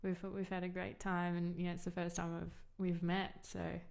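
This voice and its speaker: A woman's voice: on the low side, monotone, moderate pace, creaky, a little mellow. A woman podcast host, encouraging and affirming her guest in casual interview chat.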